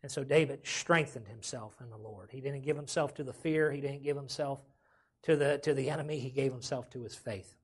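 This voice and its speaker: A man's voice: medium pitch, fairly quick, breathy edge. A man preaching a sermon as pastor, with folksy casual grammar and frequent calls of "amen?".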